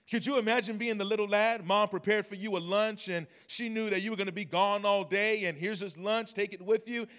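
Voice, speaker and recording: A man with a high voice preaches a sermon to a church congregation. He tells the story and moves between low, quiet asides and loud, emphatic calls. He often turns to the listeners and asks them to answer. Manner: talks to the congregation and asks for responses. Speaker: pastor.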